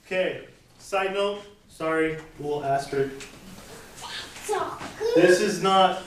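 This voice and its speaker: A woman's voice: lowish voice, slow. A woman teaching a casual class in a playful way, laughing often and acting out her examples. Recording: echoey noisy room from far off.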